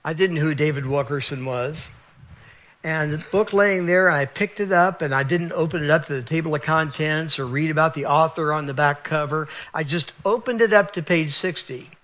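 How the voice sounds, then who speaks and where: A man's voice: a little high, normal speed, fairly bright tone. A man from West Virginia telling his personal faith testimony in an earnest, confessional storytelling manner. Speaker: speaker sharing his testimony.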